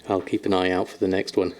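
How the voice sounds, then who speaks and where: A man with a low, darkish voice streams from home indoors, chatting casually with viewers. He coos affectionately at his kittens and laughs often.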